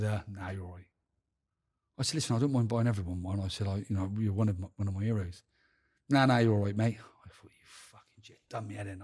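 Bristol man, podcast guest, husky voice, swears freely while acting out his stories. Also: fairly low pitch, a little mellow. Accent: Bristol English. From England. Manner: swears heavily, acts out dialogue, laughs while telling stories. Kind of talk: casual storytelling.

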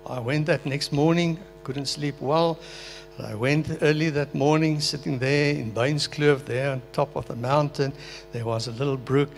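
An older man preaches a personal testimony with earnest, heartfelt emotion. His voice sits somewhat high for a man. Faint music plays softly behind him in a meeting hall. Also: fairly even intonation, normal speed, creaky. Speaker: pastor.

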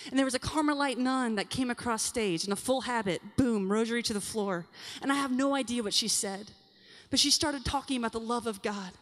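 High-voiced woman speaking in a reverberant hall. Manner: animated and confiding, addresses the audience directly. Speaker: conference speaker. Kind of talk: talk to a women's session at a youth conference. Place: large conference hall. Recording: long hall reverb from a large venue.

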